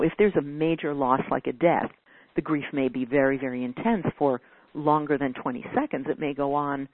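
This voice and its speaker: A deep-voiced woman gives a teaching talk, responding earnestly to a caller and from time to time performing whiny quoted voices. The audio is dry and phone-like.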